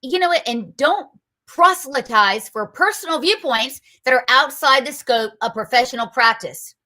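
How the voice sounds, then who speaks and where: A woman's voice: high voice, moderate pace, sharp tone. A woman hosting a political show, giving combative, emphatic commentary full of rhetorical questions. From North Carolina, US.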